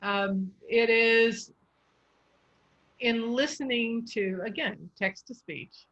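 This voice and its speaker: A woman's voice: fairly high pitch, takes it slowly, fairly bright tone, highs cut off. A woman speech coach explaining English pronunciation in an encouraging, patient way. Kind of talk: coaching session.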